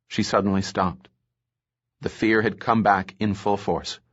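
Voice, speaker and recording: Man, low and slow, steady thriller narration, muffled sound. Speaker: audiobook narrator. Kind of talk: scripted narration.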